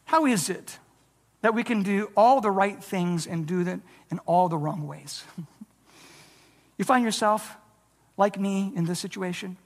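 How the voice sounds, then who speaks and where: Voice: mid-range voice, unhurried, long pauses. A preacher delivering a sermon in an earnest way, often stammering and restarting phrases and acting out the lines it quotes. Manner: acts out quoted lines in a changed voice. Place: church sanctuary. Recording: long hall reverb.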